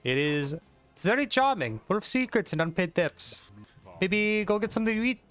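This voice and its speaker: A sly, teasing French mechanic with a put-on French accent, voiced high and sing-song by a man reading game dialogue. The sound is smooth but a little muffled. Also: sing-song, moderate pace, fairly bright tone, soft background music. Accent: fake French.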